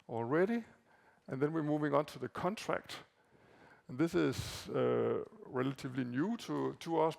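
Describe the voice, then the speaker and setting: A man whose first language is Danish presents slides at a conference. His voice is heavily gravelly, and he talks haltingly, repeating words and filling pauses. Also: mid-range voice. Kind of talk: conference talk walking through slides. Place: conference hall.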